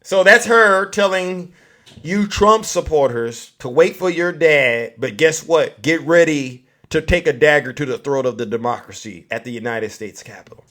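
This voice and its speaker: A man with a fairly high voice delivers a political comedy rant. He mocks his targets and slips into little acted-out scenes. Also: moderate pace, fairly bright tone. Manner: mocking, acts out scenes in put-on voices.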